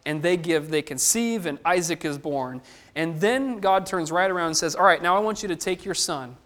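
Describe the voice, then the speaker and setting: A man's voice: fairly high pitch, moderate pace, fairly bright tone. A man preaching a sermon, who asks the listeners questions and acts out the lines of the people he quotes.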